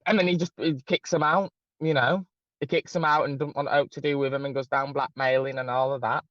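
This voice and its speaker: A man's voice: medium pitch, fairly even intonation, a little fast, fairly bright tone, dry recording. A man in casual chat who talks with animation, swearing and mimicking others in a raised voice. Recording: dry, dull lo-fi sound.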